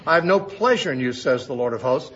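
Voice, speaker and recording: A man's voice: mid-range voice, animated, quick pace, a bit bright, breathy edge. A man teaching through a Bible passage verse by verse in a conversational way, asking rhetorical questions as he explains. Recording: dull lo-fi recording.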